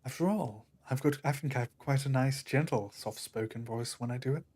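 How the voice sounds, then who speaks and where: Guest, young man, Northern English accent, mid pitch, blunt, easygoing. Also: moderate pace, darkish tone, slightly rough. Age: young adult. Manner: laid-back, blunt, swears casually. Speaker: guest in chat. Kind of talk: casual chat.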